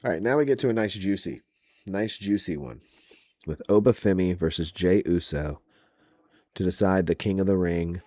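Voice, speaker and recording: A man's voice: low-pitched, moderate pace, mellow, dry recording. A man hosting a wrestling podcast, ranting about match predictions in a profane, exasperated way.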